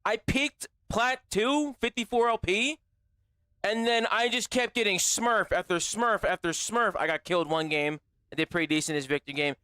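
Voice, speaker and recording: Young male streamer, loose and profane banter, bright tone, dry close mic. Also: sits high, normal speed, clear, resonant tone, dry recording. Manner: animated, profane, slangy banter with chat. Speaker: gaming livestreamer. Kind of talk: casual stream chat with viewers.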